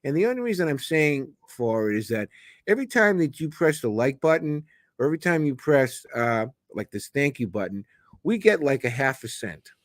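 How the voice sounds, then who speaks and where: Recorded at studio quality with no room sound, this man in his seventies co-hosts a relaxed live stream from home in Sicily. His medium-pitched, moderately paced voice carries animated stories that ramble and joke.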